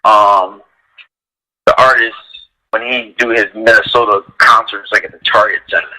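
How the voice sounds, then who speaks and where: Male radio guest, dog trainer; bright, cutting tone; casual, rambling, animated storyteller. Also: normal speed, poor audio. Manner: animated storyteller, heavy use of "like", acts out quotes in a higher voice.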